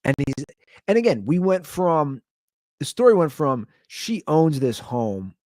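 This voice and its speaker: A man's voice: a little high, sing-song, a little slow, a little mellow, no echo, studio quality. A man hosting a podcast, telling a comic story in a rambling, loose, casually profane way. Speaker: podcast host. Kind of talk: casual comedic storytelling rant.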